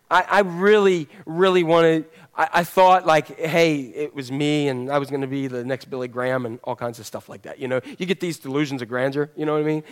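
A man's voice: on the high side, a bit bright, smooth. A man preaching a sermon as pastor in a church service, talking in a conversational, joking storytelling manner.

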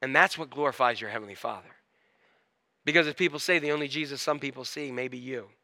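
Pastor, male, preaching; bright tenor voice, dry close recording, animated delivery. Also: fast talker, dry recording. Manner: animated preaching, swinging from loud emphatic peaks to quiet low asides. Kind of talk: sermon.

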